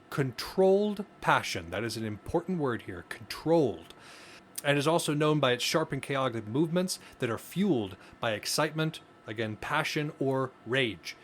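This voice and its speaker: A man's voice: mid-range voice, animated, moderate pace, a bit bright. A man with a mid-range voice talks through his ideas on a casual podcast. He explains earnestly and often restarts his sentences. A faint hiss sits under the recording. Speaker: podcast co-host.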